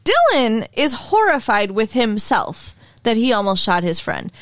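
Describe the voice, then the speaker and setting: A fairly high-pitched woman with a lively, bouncing delivery, recorded dry and close. She chats casually and wryly, swearing now and then. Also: measured pace, no echo. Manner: wry and sarcastic, swears casually. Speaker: podcast co-host. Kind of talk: casual chat recapping a TV show.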